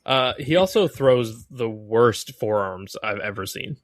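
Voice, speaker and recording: A man co-hosting a wrestling podcast, talking into a close mic with a very dry sound. He is opinionated and mocking, and breaks into quick impressions of the wrestlers he's tearing apart. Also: medium pitch, lively intonation, dry recording. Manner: opinionated, mocking, mimics wrestlers mid-rant. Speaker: podcast co-host. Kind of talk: casual wrestling chat.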